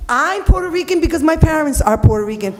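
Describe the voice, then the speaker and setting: High pitched woman ranting at city council, raw and blunt, echoey chamber. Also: lively intonation, quick pace, soft background music. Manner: blunt, emotional, profane. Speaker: resident speaking at public comment. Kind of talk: impassioned public comment. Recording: long reverb of a council hall.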